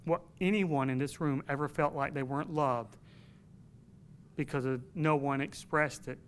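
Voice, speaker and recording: A man's voice: on the high side, fairly even intonation, normal speed, slight background noise. A man preaching a sermon to his congregation in an earnest, emphatic way, telling a personal story.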